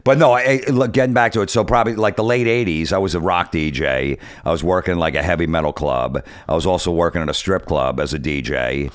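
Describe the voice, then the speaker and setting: A man's voice: low voice, fast talker, hardly any pauses, no room sound, clean studio sound. A man from New Jersey, a comedian guest telling blunt, profane stories in casual chat. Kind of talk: casual storytelling.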